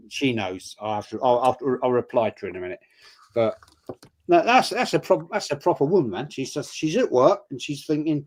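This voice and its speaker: A man's voice: medium pitch, brisk. An older man telling blunt, sweary stories in casual live-stream chat. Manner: blunt, sweary storyteller, loud and animated. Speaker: guest on a fan stream.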